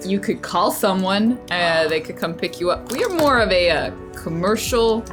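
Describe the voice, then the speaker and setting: A bored, indifferent airstrip clerk with a Detroit accent, as a woman puts her on. She talks flat and unhurried at a middling pitch. Music plays in the background. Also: natural voice. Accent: Detroit, attempted. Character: bored low-rent female airstrip clerk.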